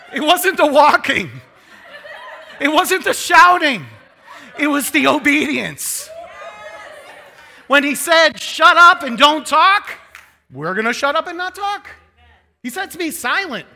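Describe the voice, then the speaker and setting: With an extremely high, creaky voice, a male pastor in his thirties delivers a sermon slowly and with long pauses. Animated and playful, he cracks jokes and performs quoted lines in shifting voices.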